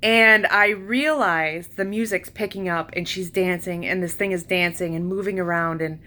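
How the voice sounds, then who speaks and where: A woman telling a personal story in a casual, emotional way, full of fillers, with her voice leaping high when she quotes herself. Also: moderate pace, sharp tone. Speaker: vlogger recounting a retreat.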